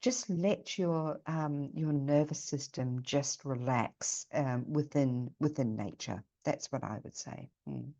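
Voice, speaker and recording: Middle-aged woman, from New Zealand, low voice, chatty and rambling storyteller, muffled call audio. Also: slow pace, gravelly, few pauses, mellow. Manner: chatty, rambling, with many restarts. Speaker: guest. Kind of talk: casual storytelling chat.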